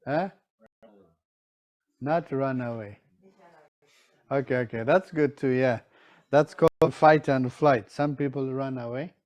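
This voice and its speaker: Slow and pausing often, a man with a medium-pitched, slightly mellow voice teaches Tibetan medicine to a class. He frequently checks on his students and mimics the excuses they give.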